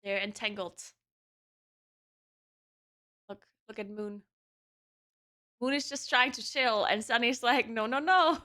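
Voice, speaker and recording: Woman streamer chatting w her chat at home, bright kinda high voice, laughs a lot. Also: normal speed. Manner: chatty, laughs often between remarks. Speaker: live streamer. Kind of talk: casual chat with stream viewers.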